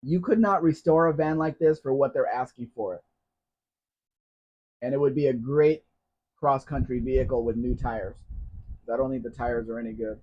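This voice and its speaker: Pausing often, the host speaks in a slightly rough, medium-pitched voice at a moderate pace. He reads out viewers' comments on his live stream and answers them conversationally, tossing in deadpan humor, all captured on dull, low-fidelity audio typical of a simple streaming rig.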